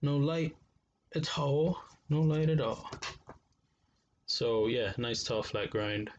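A man's voice: mid-range voice, slow, dull audio, a little hiss or hum. Laid-back slangy man reviewing knives. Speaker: knife reviewer. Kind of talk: casual unboxing vlog.

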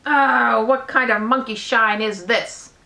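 A woman's voice: a little high, fairly even intonation, slow pace, creaky, pushed and bright, roomy sound, heavily acted. A woman reading aloud, voicing a grumpy male rat who grumbles indignantly at being woken.

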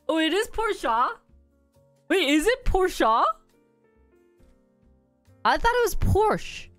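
A woman's voice: very high-pitched, sing-song, very slow, pauses often, no echo, soft background music. A woman streamer in casual live-stream chat, laughing often as she reads lists aloud and tries out pronunciations. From Korea. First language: Korean.

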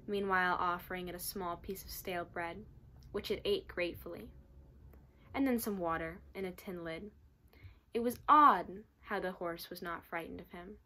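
A woman student reading a children's novel aloud with steady, expressive storytelling. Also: fairly low pitch. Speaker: student reader.

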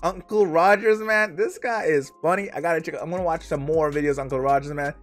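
A man's voice: fairly high pitch, steady tone, brisk, faint music behind. A man hosting a reaction video, chatting casually and tossing in man a lot. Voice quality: laid-back, says man a lot.

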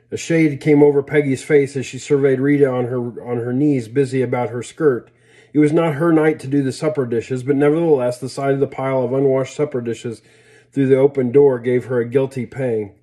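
A man reading a story aloud in a plain, unhurried way with small slips and restarts. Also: medium pitch, steady tone, warm tone. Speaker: reader.

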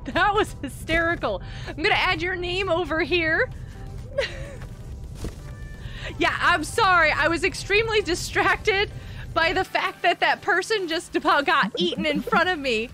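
A woman hosting a live gaming stream, chatting excitably as she plays and reads out and thanks viewers from the chat. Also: very high-pitched, measured pace, long pauses, soft background music.

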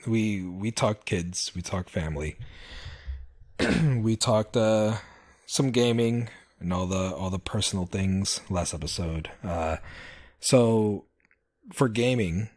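A man's voice: fairly low pitch, slow, darkish tone. A man hosting a podcast, chatting casually and telling rambling stories with many fillers and restarts. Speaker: podcast host. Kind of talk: casual chat.

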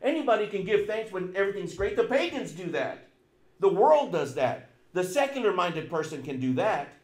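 A man's voice: sits high, very animated, moderate pace. Emphatic preaching man in echoey church. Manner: emphatic preaching with repetition and sudden loud and soft swings. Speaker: pastor. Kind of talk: sermon.

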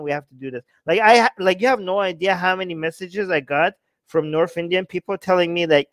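High-voiced man ranting on a livestream. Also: brisk, fairly bright tone, no echo. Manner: mocking, exasperated rants. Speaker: livestream host. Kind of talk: livestream commentary.

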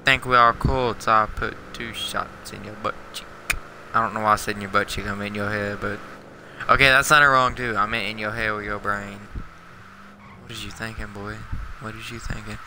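Young man, gamer, slangy trash talk, half asleep, very sharp bright voice, faint background noise. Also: lowish voice, steady tone, brisk, poor audio. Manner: slangy trash talk aimed at other players. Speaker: livestreaming gamer. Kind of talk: casual game commentary.

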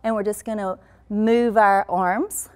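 A woman's voice: medium pitch, fairly even intonation, takes it slowly, a little mellow, clear, resonant tone. A woman who teaches children's movement classes, guiding young kids through animal yoga poses in a cheerful, encouraging way. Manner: cheerful, encouraging, speaks simply to small children. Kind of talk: leading a kids' yoga class.

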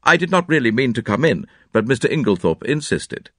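A man's voice: mid-range voice, big pitch swings, brisk, fairly bright tone, dry recording, studio quality, pitched above the performer's own voice. A man voicing a polite, rueful doctor who apologizes for his state. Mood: apologetic.

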